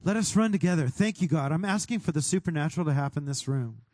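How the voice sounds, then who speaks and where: A pastor leading a fervent prayer over his congregation, speaking directly to God and sometimes rising to a shout. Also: a little high, expressive, fast talker, no room sound, clean studio sound. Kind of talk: sermon prayer.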